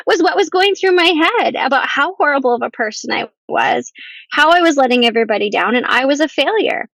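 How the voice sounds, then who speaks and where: A woman telling a painful personal story as a podcast guest, earnest and halting, at times close to tears. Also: sits high, lively intonation, vocal fry, fairly bright tone, no room sound, poor audio. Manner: earnest, halting, with restarts and ums.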